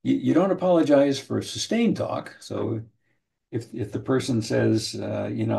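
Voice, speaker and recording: A trainer with a mid-range, dark voice and vocal fry teaches motivational interviewing in an online session, heard through a video call mic. His delivery is measured; he tends to restart with the same first words and role-plays short client and counselor lines.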